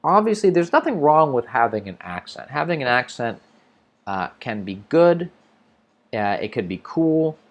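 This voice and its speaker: American guy answering chat on his stream, animated voice, starts over a lot. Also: mid-range voice, normal speed. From United States. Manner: animated, hesitant, thinks aloud with restarts. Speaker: English teacher hosting a livestream. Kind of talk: casual livestream chat reading viewer comments.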